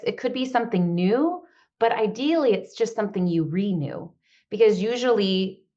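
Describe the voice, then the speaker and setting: A woman's voice: mid-range voice, a little mellow, lo-fi sound. A woman coach leading a group call in a casual, upbeat way, acting out little quotes as she talks. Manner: upbeat, talks in quick bursts, acts out quotes. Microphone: video call.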